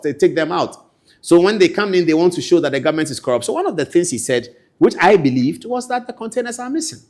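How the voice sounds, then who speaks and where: A man with a Ghanaian accent delivers political commentary in an animated way, swinging between loud outbursts and quiet asides.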